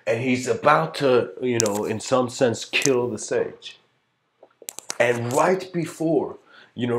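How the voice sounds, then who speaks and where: A man's voice: mid-range voice, a little hiss or hum. A man giving a livestreamed philosophical lecture in an earnest, rambling way, full of fillers and searching for words. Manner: rambling, filled with "you know" and "like".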